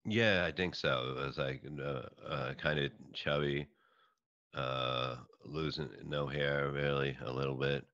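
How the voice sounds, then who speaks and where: A middle-aged New man with an extremely low voice that still has a sharp, forceful edge. He tells stories in a rambling, halting way, restarting his sentences often. The recording is dry and a little muffled. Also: fairly even intonation, no room sound. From New York. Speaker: comedian and podcast guest. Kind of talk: casual interview chat.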